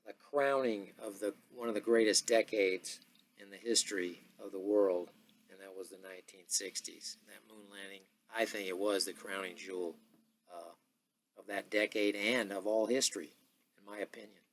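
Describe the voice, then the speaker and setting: A man's voice: lowish voice, fairly even intonation. Rambling man in his sixties. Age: 60s. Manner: rambling, many filler pauses. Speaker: podcast host. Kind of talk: casual monologue.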